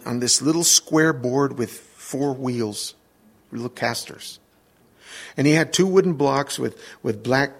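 A middle-aged man preaching, telling an animated personal story in a sermon and acting out the voices of the people in it. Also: medium pitch, creaky. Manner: animated anecdotes with quoted voices and laughter.

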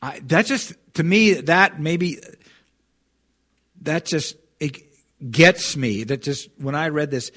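A man's voice: fairly high pitch, takes it slowly, long pauses, bright, forceful tone. A man preaching a sermon, reading scripture with rising force and speaking earnestly with many restarts. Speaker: pastor.

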